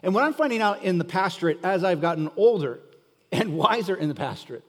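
A middle-aged pastor preaches a sermon in a high, expressive voice that moves a little fast, pressing his listeners with pointed, emphatic questions. The recording carries a long hall reverb.

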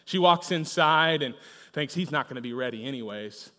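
A man's voice: medium pitch, lively intonation, normal speed, bright, forceful tone. A man preaching a sermon in a church, talking conversationally, tossing in frequent "right?" asides and telling humorous stories. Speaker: pastor. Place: church auditorium. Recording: long reverb of a large hall.

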